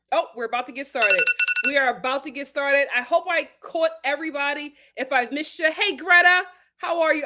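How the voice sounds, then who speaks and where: A young woman with a high, bright voice hosts a live stream. She talks with her viewers in an animated, expressive way and laughs often. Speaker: host of a live show review stream. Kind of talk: casual live-stream chat.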